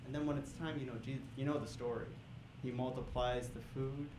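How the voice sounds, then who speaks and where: A male stand-up comedian doing a loose, conversational set on a comedy club stage, chuckling and breaking into shouted bursts at the crowd. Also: mid-range voice, fairly even intonation, brisk. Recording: echoey club room with crowd noise.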